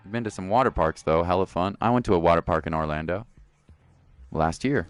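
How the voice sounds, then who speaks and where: A man's voice: sits low, brisk, smooth, dry recording, faint music behind. A man streaming a video game, chatting casually and laid-back with his viewers. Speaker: gaming streamer. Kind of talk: casual live-stream chat.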